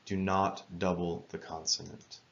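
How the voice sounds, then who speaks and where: A man teaching English spelling rules in a careful, measured lesson narration, spelling words out letter by letter. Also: deep voice, flat delivery, vocal fry, a bit bright, highs cut off.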